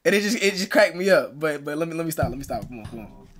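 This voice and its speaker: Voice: medium pitch, very animated, quick pace, a bit bright. A reaction video host commenting casually, laughing often and repeating phrases in slangy talk.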